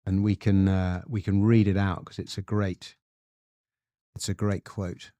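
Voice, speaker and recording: A man's voice: sits low, unhurried, no room sound. English man telling history, dry sound. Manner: animated storyteller, reads quotes aloud. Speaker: guest author. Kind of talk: storytelling history explanation.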